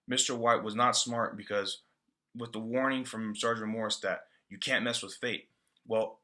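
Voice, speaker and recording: A man's voice: lowish voice, pushed and bright. A man giving a casual book-report talk in a loose, slangy way, full of fillers. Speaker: student presenter.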